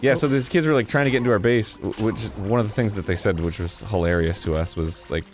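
A man in his thirties co-hosting a let's play, bantering playfully and jumping into loud squeaky bits. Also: quick pace, faint music behind. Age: 30s. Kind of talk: casual gaming banter.

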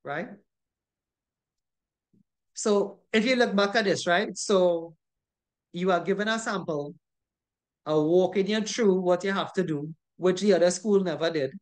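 An instructor with a Trinidadian accent teaching a recorded online class. The delivery is emphatic and scolding, hammering the same points over and over and checking in with a constant tag question. The voice sits at a middling pitch. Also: unhurried, long pauses. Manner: emphatic and scolding, repeats points, ends with "right?". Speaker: safety course instructor.

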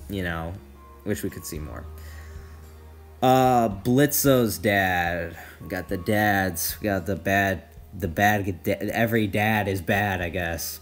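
A young man casually ranking cartoon characters in a rambling, filler-heavy way, often losing track of names. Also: low-pitched. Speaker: tier list vlogger.

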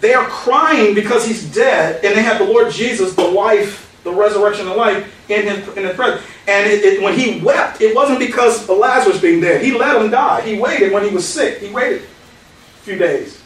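The preacher, a pastor with a fairly high, slightly bright voice, keeps a moderate pace as he teaches verse by verse in a conversational style, moving from quoted scripture to casual stories. The hall echoes heavily, the mic is distant, and faint noise runs beneath him.

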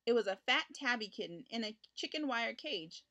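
A woman reading a children's picture book aloud, with expressive, lively storytelling for young listeners. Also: fairly high pitch, moderate pace, highs cut off. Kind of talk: children's read-aloud narration.

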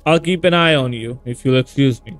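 A man voicing a calm male asylum doctor in a video game, reading his lines in a measured, soothing way. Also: mid-range voice, soft background music, lightly acted. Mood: reassuring.

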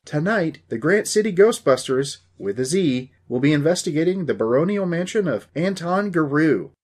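A man's voice: on the high side, lively intonation, normal speed, a little mellow, breathy edge, voice pushed up. A man doing an eager teenage ghost-hunter boy. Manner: eager, showy and defensive.

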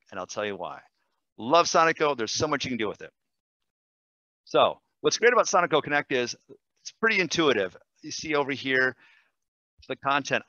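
A man, a language teacher, demonstrating software in a webinar, enthusiastic and quick, with fillers and self-corrections. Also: mid-range voice, no echo, muffled recording. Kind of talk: screen-share webinar demo.

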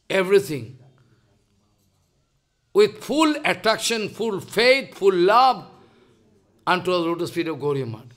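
A man's voice: high-pitched, expressive, unhurried, pauses often, fairly bright tone. An older man with a Bengali accent gives a devotional lecture in broken English, emphatic and repeating his phrases. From India. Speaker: spiritual teacher.

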